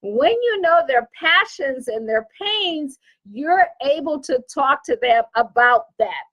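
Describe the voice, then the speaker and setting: High-voiced Southern American woman coaching. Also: slow, highs cut off. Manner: lively, repetitive, emphatic, self-correcting. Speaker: online business coach. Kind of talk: casual teaching talk to camera.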